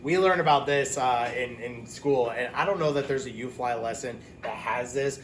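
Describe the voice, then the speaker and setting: A man teaching a phonics lesson to young children, talking casually, with quick asides and self-corrections. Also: mid-range voice, slight background noise.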